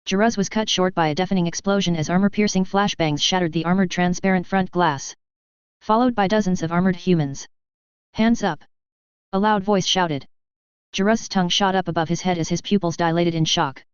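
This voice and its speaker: A woman narrating a story in an even storytelling manner. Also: on the low side, fairly quick, clean tone, no echo. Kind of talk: audiobook narration. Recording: slightly dull audio.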